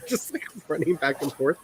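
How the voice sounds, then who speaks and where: A man's voice: a little high, huge pitch swings, unhurried, fairly bright tone, a little hiss or hum, low-quality recording. A man hosting a casual writing sprint livestream, rambling and self-deprecating and laughing often.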